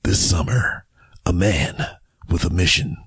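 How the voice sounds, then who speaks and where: A deep, low movie trailer announcer, as a podcast host puts him on, drawing out each phrase slowly and dramatically. The delivery is dry and close, with no room sound around it. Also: male voice, expressive, a bit bright, slightly rough, no room sound, full character voice. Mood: dramatic.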